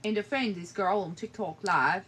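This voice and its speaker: A woman's voice: mid-range voice, normal speed, a bit bright, slight background noise. A sleepy young woman rambling and swearing casually while livestreaming from bed on her phone at night. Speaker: live streamer. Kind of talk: late-night livestream chat. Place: in bed in a bedroom.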